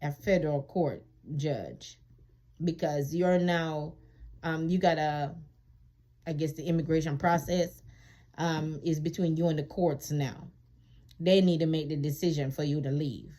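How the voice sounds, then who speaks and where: Slow, low-voiced woman telling her story. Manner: emphatic, colloquial, repeats phrases for emphasis; animated when reliving indignation. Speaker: vlogger sharing her immigration experience. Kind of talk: casual personal storytelling.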